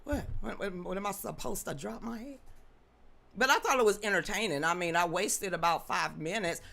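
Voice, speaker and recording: Woman running a livestream, loud and blunt, chatting back at viewer comments, bright sharp voice. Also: mid-range voice, normal speed, gravelly. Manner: loud, projecting, blunt and sassy. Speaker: livestream news show host. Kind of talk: casual livestream talk, reading viewer comments.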